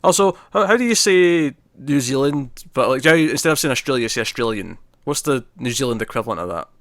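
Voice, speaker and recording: Male co-host, casual film talk, giggly and self-correcting, medium pitch, dry booth sound. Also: lively intonation, fast talker, a bit bright, no echo. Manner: chatty, laughs often, self-correcting. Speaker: podcast co-host. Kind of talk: casual movie discussion.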